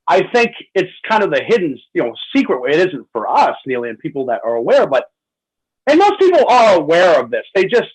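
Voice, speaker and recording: A man's voice: fairly high pitch, husky, low-quality recording. A man hosting a talk radio show, talking with passion and acting out the people he quotes. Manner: animated, acts out quoted voices. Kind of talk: impassioned talk radio monologue.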